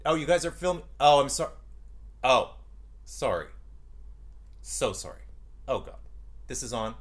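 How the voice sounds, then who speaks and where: A man's voice: very high voice, sing-song, moderate pace, a bit bright, pitched above the performer's own voice, heavily acted. A man voicing a brash, self-absorbed woman co-host in a comedy sketch, talking in a dramatic, flustered, gossipy way.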